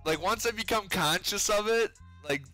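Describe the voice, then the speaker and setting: A man's voice: high voice, normal speed, pushed and bright, soft background music. A man with a Minnesotan accent chatting casually while crafting rings in his garage workshop, laid-back and swearing often. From Minnesota, Twin Cities. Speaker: livestreamer making pipe rings.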